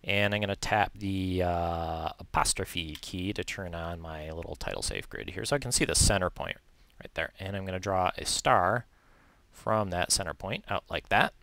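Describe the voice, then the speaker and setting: Man, low voice, bright forceful tone, software tutorial, relaxed chatty asides, dry close recording. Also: moderate pace, creaky, no room sound. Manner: relaxed, chatty, self-correcting with light asides.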